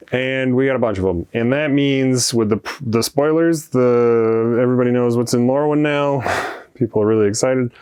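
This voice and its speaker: Shop-owner vlogger, male, smooth clear voice, loose and jokey, swears, pitch leaps up when excited. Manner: animated, joking, swears casually, laughs often, big pitch jumps. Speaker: card shop owner and channel host. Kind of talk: casual rambling vlog update.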